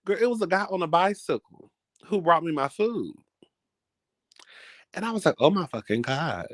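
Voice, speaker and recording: A man's voice: on the high side, very animated, normal speed, pauses often, no echo, clean studio sound. A man vlogging in a casual, chatty storytelling style, dramatic and full of asides. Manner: chatty, dramatic, keeps calling listeners "girl".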